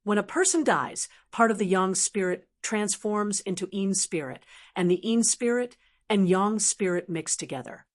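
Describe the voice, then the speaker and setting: A calm, proud, wealthy necromancer knight, as a woman narrator puts him on. He speaks evenly and explains things patiently, in a fantasy audiobook read at a middle pitch. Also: normal speed, close to an everyday voice.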